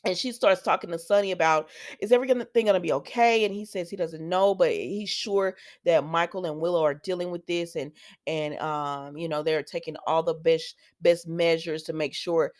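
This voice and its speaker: A woman's voice: fairly low pitch, fairly even intonation, moderate pace, dry recording, clean studio sound. A woman recapping a soap opera episode in casual, rambling talk, often stopping to talk back to the characters. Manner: chatty, digressive, talks back to the characters.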